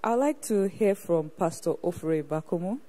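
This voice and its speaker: A woman's voice: on the low side, lively intonation, measured pace, mellow. A woman hosts a church program and interviews ministry partners, affirming them and asking several questions in a row.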